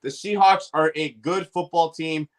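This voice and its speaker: A man's voice: fairly high pitch, fairly even intonation, measured pace. A man hosting a sports betting show, cocky and punchy, firing off picks with catchphrases. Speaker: podcast host giving bets. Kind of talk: brash sports betting rant.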